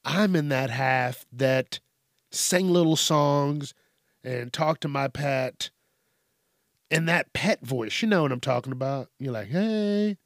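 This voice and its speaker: A man's voice: medium pitch, slow, a bit bright, dry recording, clean studio sound. A man hosting a solo podcast, rambling casually with a lot of swearing and laughing at his own tangents. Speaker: podcast host.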